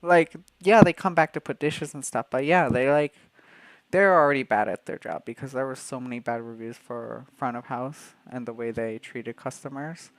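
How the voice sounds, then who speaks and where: A man's voice: mid-range voice, moderate pace, no room sound. A young man from Canada, a streamer telling a workplace story in casual livestream chat, swearing freely.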